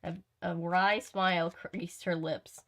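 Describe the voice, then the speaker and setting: A woman's voice: fairly low pitch, little pitch movement, takes it slowly, fairly bright tone. A woman hosting a live stream, reading a novel aloud with chatty asides, often stumbling and correcting herself. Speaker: host.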